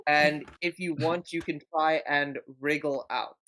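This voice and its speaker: A game master running a tabletop game in a relaxed, teasing way. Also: medium pitch, measured pace, poor audio.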